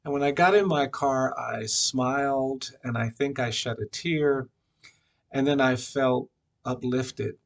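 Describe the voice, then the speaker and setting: A man giving a reflective personal tribute at a memorial, telling a story with frequent pauses and fillers. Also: mid-range voice, vocal fry. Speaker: memorial speaker.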